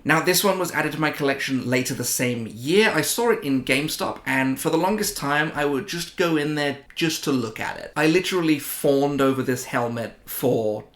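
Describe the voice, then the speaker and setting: A British man from the UK, an animated, self-amused storyteller chatting casually in a home vlog. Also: on the high side, normal speed, hardly any pauses. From United Kingdom. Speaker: collector vlogger. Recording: roomy echo.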